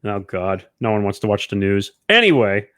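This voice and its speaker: Male host, swooping lively delivery, dead-dry sound, runs the chat. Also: fairly low pitch, moderate pace, no room sound. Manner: steers the talk, joking asides. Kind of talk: casual show chat.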